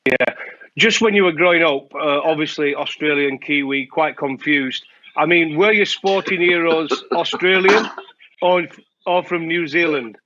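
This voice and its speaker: A man's voice: a little high, measured pace, sharp tone, a little hiss or hum. A man in his forties hosting a podcast, teasing his guest in a casual, jokey way. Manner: teasing, jokey, laughs often. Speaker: podcast host, former cricketer. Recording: dry, thin lo-fi sound.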